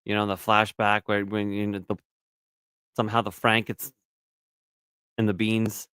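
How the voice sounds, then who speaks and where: A man's voice: on the low side, monotone, normal speed, pushed and bright, clear, resonant tone, no echo, clean studio sound. A man co-hosting a podcast in casual banter, crude and teasing, often slipping into mocking voices. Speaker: podcast co-host.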